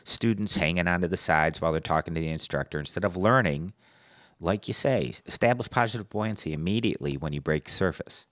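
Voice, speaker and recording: A man's voice: low-pitched, a little fast, fairly bright tone, no room sound, clean studio sound. A man co-hosting a diving podcast in casual chat, laughing often and repeating words as he starts. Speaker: scuba diving podcast co-host.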